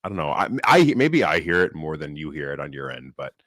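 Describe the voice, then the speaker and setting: A man's voice: rumbling low, very animated, brisk, a bit bright, no echo. A man co-hosting a podcast in casual chat, talking with a slight lisp from new braces and rambling with restarts. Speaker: podcast co-host.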